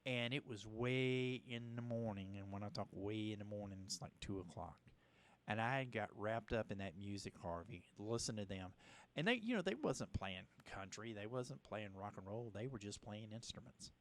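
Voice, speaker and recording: Guy hosting a radio show, kinda low voice, rambles and restarts a lot. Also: moderate pace. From Louisiana. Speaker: host. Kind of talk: casual radio interview. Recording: radio broadcast.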